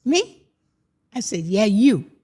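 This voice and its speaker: Her voice on the high side and expressive, the older woman speaks at a moderate pace as an interview guest. She brings her stories to life by performing the quoted voices of the people in them.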